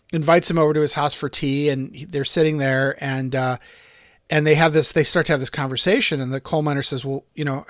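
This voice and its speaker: A man's voice: on the high side, a bit bright, no room sound, clean studio sound. A man co-hosting a podcast, telling a story in a rambling way with frequent restarts and fillers. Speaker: podcast co-host. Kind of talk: casual discussion.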